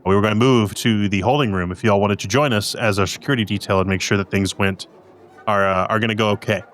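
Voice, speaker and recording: A man plays a chummy male ambassador in a tabletop game, friendly and a little fussy. He rambles and trips over his own words in a low voice. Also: fairly even intonation, fast talker, fairly bright tone, soft background music, lightly acted.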